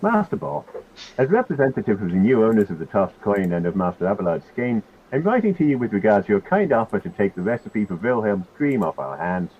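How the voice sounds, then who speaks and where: Guy doing a low gravelly tavern keeper voice, wordy and formal, swoops around a lot. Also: very animated, brisk. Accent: put-on character accent. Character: Hamus, male tavern proprietor, formal letter-writer. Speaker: player. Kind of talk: in-character tabletop role-play. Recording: tinny phone-like online call.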